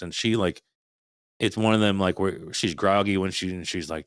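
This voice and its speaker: A man's voice: low-pitched, fairly even intonation, a little fast, dry recording, clean studio sound. A man in his thirties, a podcast guest, tells a story casually, swears freely, acts out his own past thoughts and imitates the noises he heard. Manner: imitates sounds while telling a story.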